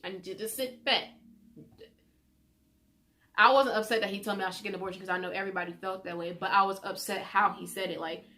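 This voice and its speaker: A woman's voice: medium pitch, rapid-fire, hardly any pauses. Chatty teenage girl telling a story. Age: teens. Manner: chatty, animated retelling with quoted voices. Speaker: vlogger. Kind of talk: personal storytime vlog.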